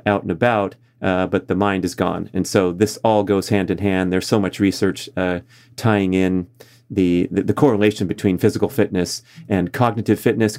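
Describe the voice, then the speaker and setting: A male podcast host with a very low, deep voice, talking in a casual and enthusiastic way. He speaks loosely and often pauses on an "uh" as he thinks aloud. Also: darkish tone. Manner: conversational, frequent uh fillers. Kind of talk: casual monologue.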